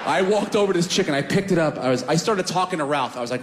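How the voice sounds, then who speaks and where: A man telling a comic story on a podcast in an animated, profane, self-mocking way. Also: medium pitch, racing, few pauses, long reverb tail, noisy background.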